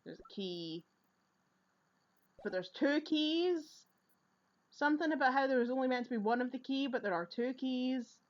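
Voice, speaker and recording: A woman hosting a let's play, with loud, sweary, laughing commentary on a video game. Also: high-pitched, expressive, normal speed, long pauses, highs cut off. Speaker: gaming channel host.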